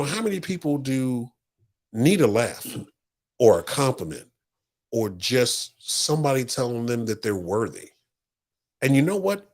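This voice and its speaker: A man co-hosting a podcast, telling stories in an earnest, motivational way. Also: medium pitch. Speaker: podcast co-host. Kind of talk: casual heartfelt podcast talk.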